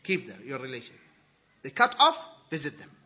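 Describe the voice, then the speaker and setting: Lively husky-voiced male preacher. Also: medium pitch, moderate pace. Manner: animated, swings from loud emphasis to soft asides. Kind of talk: sermon.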